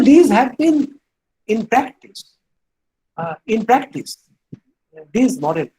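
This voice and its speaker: Older man lecturing, husky voice. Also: high-pitched, mellow, poor audio. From India. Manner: deliberate, halting, with frequent hesitations and restarts. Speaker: guest lecturer, professor of political science. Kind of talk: academic lecture.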